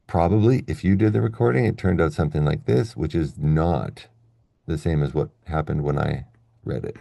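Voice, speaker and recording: Low gravelly guy teaching english, keeps asking "okay?", dry close sound. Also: normal speed, warm tone, dry recording. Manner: explains step by step, checks in with "okay?" and "right?". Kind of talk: classroom-style video lesson.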